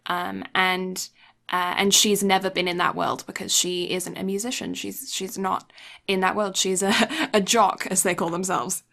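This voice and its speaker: A woman's voice: steady tone, moderate pace, gravelly, pushed and bright. A woman co-hosting a podcast, earnestly talking through an anime's characters with fillers, raising her voice for quoted lines. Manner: earnest, uses fillers like "like" and "um", acts out quotes higher. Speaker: podcast co-host. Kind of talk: casual chat discussing an anime.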